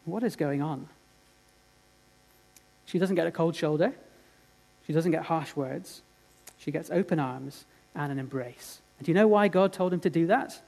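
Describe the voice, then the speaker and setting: A man preaching a sermon, telling a story earnestly and dramatically, swinging from loud to hushed. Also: a little high, moderate pace, creaky, long pauses.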